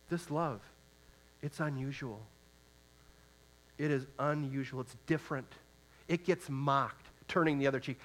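A man preaching a sermon in an earnest way, reading scripture aloud and asking rhetorical questions, moving from soft, slow reflection to loud, emphatic urging. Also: a little high.

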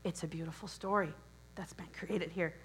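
A middle-aged woman preaching a sermon in a church, hoarse and losing her voice, earnest and encouraging, often clearing her throat. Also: on the low side, steady tone, normal speed, fairly bright tone, slight background noise, rough recording. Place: church sanctuary.

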